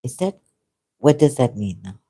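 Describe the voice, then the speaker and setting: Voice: mid-range voice, very animated, moderate pace, dark tone, husky. A speaker in casual conversation who talks in a rambling, hesitant, self-deprecating way. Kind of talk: casual debate chat.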